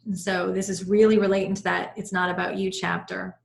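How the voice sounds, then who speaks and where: A woman's voice: mid-range voice, little pitch movement, fairly quick, gravelly. A middle-aged woman teaching an online class as a life coach, guiding listeners through breathing and telling personal stories in an earnest way. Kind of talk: live video-call class talk. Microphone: video call. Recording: roomy video-call audio.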